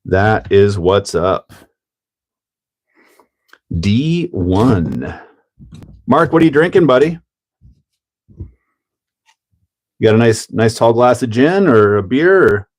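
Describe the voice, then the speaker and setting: A man's voice: on the low side, big pitch swings, slow, pauses often. A man hosting a casual hobby livestream, chatting and laughing while he builds a model car and greets viewers by name. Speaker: livestream host.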